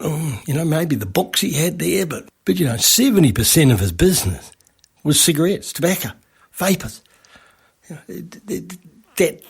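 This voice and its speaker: Rambling Australian man, gravelly voice. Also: a little high. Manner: rambling, with many restarts and asides. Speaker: radio advertising creator. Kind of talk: casual anecdote.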